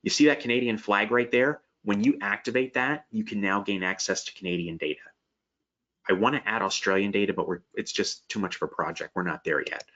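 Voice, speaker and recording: A man's voice: lowish voice, a little fast, fairly bright tone. A man with a slight Pennsylvania Dutch accent hosting a live webinar, chatting upbeat and answering viewer questions. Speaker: webinar host. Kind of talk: live webinar sales pitch and Q&A. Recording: dull lo-fi webinar audio.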